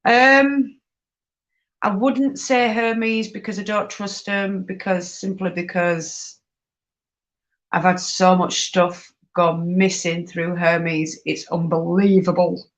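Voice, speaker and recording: A woman's voice: fairly low pitch, steady tone, slow. A woman chatting casually on a live stream, reading out and answering viewers' questions. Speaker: fibre craft live-streamer.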